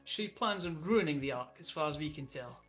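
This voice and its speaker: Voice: medium pitch, animated, brisk, fairly bright tone, lightly acted. A game master voicing Samson, a stern, loyal guard who talks down to a rival with stiff, condescending manners, over faint music. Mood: disdainful.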